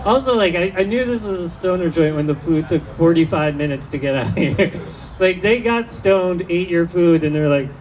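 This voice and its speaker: A man's voice: sits high, animated, normal speed, few pauses, a little mellow, a little hiss or hum, poor audio. A man doing a rambling, self-deprecating stand-up set in an outdoor tent, often trailing off mid-thought. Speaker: stand-up comedian.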